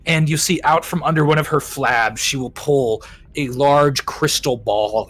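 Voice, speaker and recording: A man's voice: mid-range voice, steady tone, takes it slowly, fairly bright tone. A man narrating a tabletop game as game master, rambling, with many ums and self-corrections.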